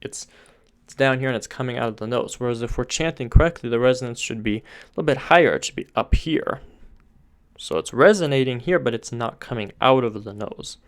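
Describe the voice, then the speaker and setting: A man's voice: mid-range voice, fairly quick. A man giving an online voice lesson, explaining patiently step by step with occasional filler words. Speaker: voice teacher.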